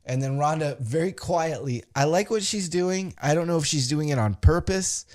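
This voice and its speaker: A man's voice: fairly high pitch, normal speed. A man hosting a podcast, recapping a wrestling show in a casual, profane way and acting out the quotes. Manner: animated, acts out quotes in put-on voices, swears freely.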